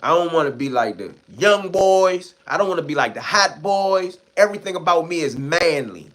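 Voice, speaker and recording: A man's voice: on the high side, animated, normal speed, a bit bright. A man from Washington, D.C., with a D.C. accent, hosting a livestream and ranting back at chat in blunt, heated, profane street talk. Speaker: livestream host. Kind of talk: casual livestream rant answering chat.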